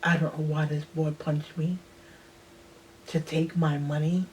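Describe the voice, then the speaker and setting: A woman in her sixties slowly telling a personal childhood memory in a reflective way, sometimes dropping to a near-whisper. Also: low-pitched, flat delivery, darkish tone, slight background noise. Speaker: host. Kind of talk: personal storytelling.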